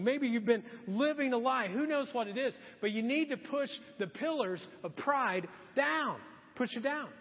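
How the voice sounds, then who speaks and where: Middle-aged guy preaching, real high voice, long echo off the church walls, kinda dull sound. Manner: earnest, exhorting, repeats key questions. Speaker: pastor. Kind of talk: sermon. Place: church sanctuary.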